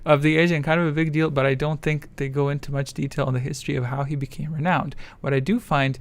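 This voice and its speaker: A man's voice: a little high, flat delivery, fast talker, natural voice. A man doing a mock American accent for a male chat viewer as he reads the viewer's message aloud.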